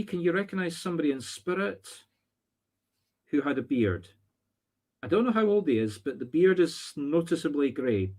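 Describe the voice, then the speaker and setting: A man's voice: a little high, darkish tone. A man with a Scottish accent giving live-streamed psychic readings, chatty and thinking aloud with teasing asides. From Scotland. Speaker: spiritual medium.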